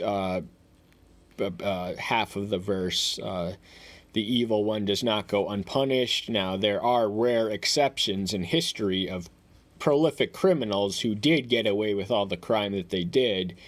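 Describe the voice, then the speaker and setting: A man with a fairly low voice teaches through a passage of scripture, one verse at a time. His talk is halting and full of fillers and restarts. When he quotes a verse he lifts his voice and reads it out more loudly. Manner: reads verses aloud in a raised voice. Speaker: Bible teacher. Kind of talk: verse-by-verse Bible commentary.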